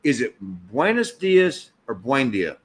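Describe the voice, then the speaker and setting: A man's voice: medium pitch, very animated, slow. A man from the United States chatting casually on a live stream, reflective, with frequent stammering restarts. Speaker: co-host of a travel live stream.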